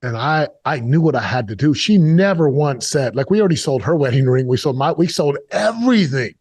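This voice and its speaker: A man's voice: on the high side, expressive, fairly quick, darkish tone, slightly rough, no echo. A middle-aged man, a guest in an interview, telling a painful personal story in an earnest, confessional way, with bursts and repeated words.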